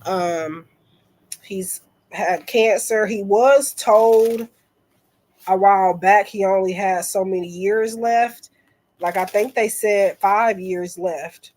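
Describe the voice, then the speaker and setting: Slow, halting woman with a sick voice. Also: medium pitch, darkish tone. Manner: halting and reflective, trailing off often. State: sick, under-the-weather voice. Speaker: tarot reader and livestream host. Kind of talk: casual livestream chat with viewers.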